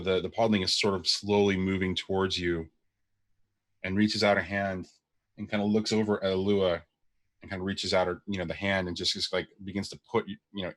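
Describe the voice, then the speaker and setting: A man's voice: deep voice, a bit bright. A man narrating as game master of a tabletop game, describing scenes at length with many fillers.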